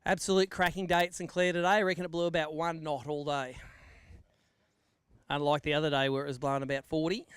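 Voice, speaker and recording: A man's voice: a little high, smooth, no room sound. An Australian man acting as MC at an outdoor fishing weigh-in, giving live commentary and bantering with the anglers.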